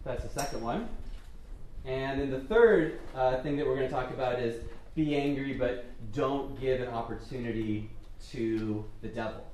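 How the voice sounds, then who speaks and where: A man's voice: medium pitch, moderate pace, darkish tone. A man, a pastor, giving an informal, chatty and self-deprecating sermon to his congregation. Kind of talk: conversational sermon. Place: church hall. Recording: echoey hall from far off, faint noise.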